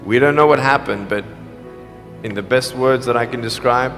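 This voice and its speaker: A man's voice: mid-range voice, moderate pace, big-room sound, soft background music. A man giving an emotional motivational speech to students, telling stories and acting out dialogue. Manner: emotional, pleading, animated storytelling with acted-out dialogue. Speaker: motivational speaker. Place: school hall or auditorium.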